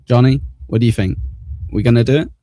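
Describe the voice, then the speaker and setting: A man's voice: mid-range voice, steady tone, quick pace, mellow, dry recording, studio quality. A man hosting a casual livestream, chatting, laughing and thanking viewers by name as he reads comments. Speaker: livestream host.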